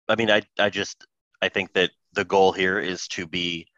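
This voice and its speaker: A man's voice: low voice, bright, forceful tone, no echo. A man co-hosting a podcast in a casual, self-deprecating, joking way. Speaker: podcast co-host. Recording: dull, slightly lo-fi dry mic.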